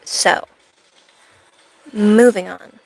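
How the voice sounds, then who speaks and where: A woman streamer talks casually to her live chat, wandering from one thought to the next and poking fun at herself. Her middle-pitched voice carries a gravelly fry. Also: steady tone, extremely slow, darkish tone, dry recording, rough recording. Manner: rambling, playful, self-mocking asides. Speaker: cosplay streamer.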